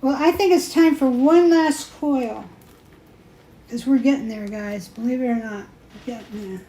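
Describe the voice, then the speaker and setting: Her fairly high voice has a dark tone and a moderate pace as this woman hosts a jewelry-making show. She rambles casually while crafting, laughing at her own slips in pronunciation, and the echoey room carries faint noise.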